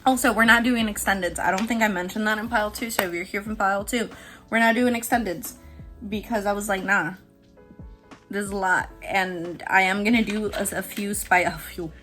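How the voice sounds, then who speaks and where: A woman giving a casual tarot reading who is excitable and jumps between hushed, low talk and squealing laughter. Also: brisk, soft background music. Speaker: tarot reader.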